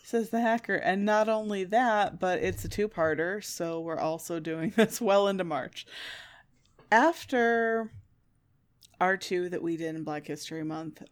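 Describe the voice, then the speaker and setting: A woman co-hosting a casual podcast chat, sarcastic and quick to swear and laugh. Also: fairly low pitch. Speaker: podcast co-host.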